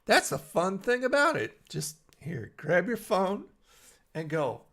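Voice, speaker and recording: A man's voice: high-pitched, big pitch swings, slow, fairly bright tone. A middle-aged man hosting a casual live stream from his bed, rambling and chatty as he answers viewers by name. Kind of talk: casual live-stream chat, reading chat aloud. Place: in bed at home.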